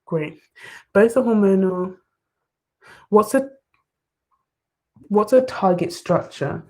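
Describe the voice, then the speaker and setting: A young woman streaming herself studying live, thinking aloud through exam questions and chatting excitedly to her viewers. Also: mid-range voice, takes it slowly. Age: young adult. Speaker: study vlogger. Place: bedroom desk, wrapped in blankets.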